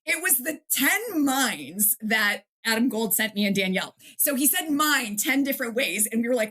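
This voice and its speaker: A middle-aged woman from the Detroit area, an author chatting in an interview, lively and quick to act out quotes and laugh. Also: on the high side. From Detroit area, USA. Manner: animated storyteller, acts out quotes, laughs often. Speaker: author and guest. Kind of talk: casual interview chat.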